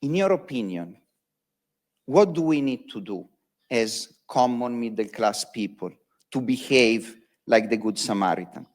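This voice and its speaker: A man moderating a panel, halting and searching for words as he frames a question. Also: mid-range voice, animated.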